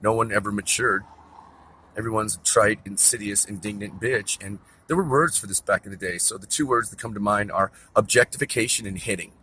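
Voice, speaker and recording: A man's voice: lowish voice, a little fast, pushed and bright, slight background noise. A man delivering an angry, profane, rambling rant to camera outdoors near a store. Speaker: vlogger. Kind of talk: ranting monologue to camera.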